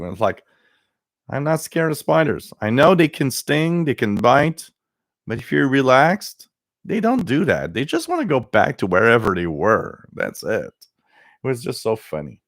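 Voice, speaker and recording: A man's voice: mid-range voice, big pitch swings, normal speed, no room sound, studio quality. A man hosting a live stream, chatting casually, reading viewer comments and telling rambling stories with many restarts. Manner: mimics others with a raised voice.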